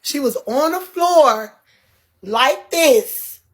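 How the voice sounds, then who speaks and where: A woman telling a story in a casual, animated way, laughing often and swearing freely. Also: sits high, extremely slow. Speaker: guest.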